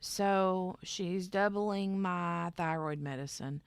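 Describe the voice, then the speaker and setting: A woman hosts a relaxed craft livestream, rambling through her news and answering chat as it comes in. Her voice runs low and unhurried with a gravelly texture. The sound is close and dry, with no room around it. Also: no room sound. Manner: rambling, chatty, reads chat aloud. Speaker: craft channel host.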